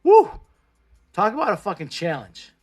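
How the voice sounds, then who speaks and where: Faint music plays behind a man whose slightly high voice keeps a moderate pace. In his forties and from Mexico, with Spanish as his first language, this plant-based food vlogger offers blunt, profanity-laced encouragement in casual livestream chat from indoors.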